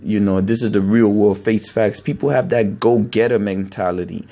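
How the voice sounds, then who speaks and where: A man speaking candidly to camera, halting, earnest and full of restarts and repeated words. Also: on the low side, fairly even intonation, mellow. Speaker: video blogger. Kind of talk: candid personal talk to camera.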